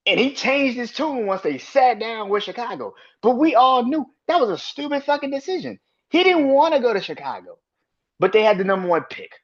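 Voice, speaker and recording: Heated and profane, a man rants on his solo sports podcast, emphatically pushing back against imagined critics. His voice sits high and is husky, and the recording is muffled.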